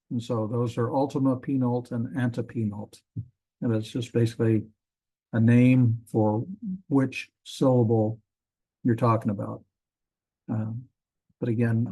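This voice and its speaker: A man gives a classroom lecture in a dark, mellow voice. He talks in a loose, rambling way, stopping often to say um and correct himself. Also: mid-range voice. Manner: relaxed, rambling, frequent ums and self-corrections. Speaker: Hebrew teacher.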